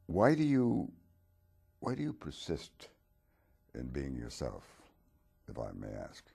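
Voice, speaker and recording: A man's voice: rumbling low, expressive, a little slow, vocal fry, mellow, breathy edge, full character voice. A man voicing James Bond as a courteous secret agent who interviews with probing questions. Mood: curious.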